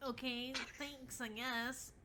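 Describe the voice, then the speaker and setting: A woman's voice: high-pitched, level tone, slow pace, background noise. A woman reading a meek, timid young troll boy from a webcomic aloud, hesitant and reluctant.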